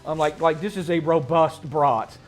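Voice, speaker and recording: A man hosting a casual tabletop gaming chat, slangy and rambling, getting excited as he talks. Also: fairly high pitch, moderate pace. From Mid-Atlantic United States. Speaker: host.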